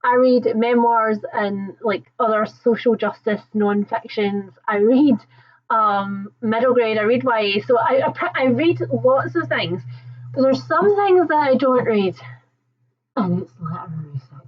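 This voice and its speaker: A woman with a softened Scottish accent hosting a casual book livestream, chatting warmly with viewers, reading out their comments and laughing often. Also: on the high side, measured pace, muffled recording. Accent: Scottish, toned down. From Scotland. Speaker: book channel host.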